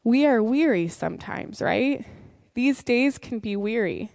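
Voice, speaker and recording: Woman pastor in her 30s telling a story in her sermon, kinda high voice, dry close sound. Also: lively intonation, a little slow, creaky, a little mellow, dry recording. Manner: conversational storytelling, earnest and heartfelt.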